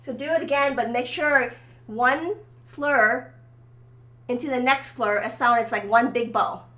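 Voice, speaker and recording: Female violin teacher, higher voice, encouraging coaching, room with echo, faint violin behind. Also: measured pace, sharp tone. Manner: encouraging, coaching, keeps checking in with "okay?". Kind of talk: one-on-one violin lesson. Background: faint violin playing.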